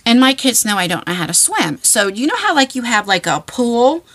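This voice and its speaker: A woman in her forties, a vlogger telling funny stories to camera in a chatty, animated way with frequent laughs and fillers. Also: fairly high pitch, fairly quick, a little hiss or hum. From New Jersey shore area. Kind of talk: casual storytelling to camera.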